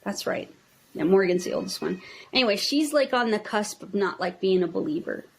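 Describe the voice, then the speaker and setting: A woman with a Minnesota accent who owns a toy store tells stories in a casual interview, chatty and animated. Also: mid-range voice, brisk, creaky, slight background noise. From United States. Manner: chatty, acts out quotes in lively voices. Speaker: toy store owner, guest.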